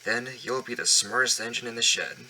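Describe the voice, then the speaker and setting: A man's voice: medium pitch, animated, a little fast, pushed and bright, a little hiss or hum, rough recording. A man voicing a kindly male engine driver who speaks encouragingly in a storybook reading. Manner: kind, encouraging.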